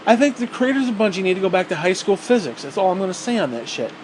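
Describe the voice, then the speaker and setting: High-voiced man ranting angrily. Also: big pitch swings, quick pace, a little hiss or hum. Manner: angry, profane, sarcastic ranting. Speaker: gaming vlogger. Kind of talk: profane ranting commentary.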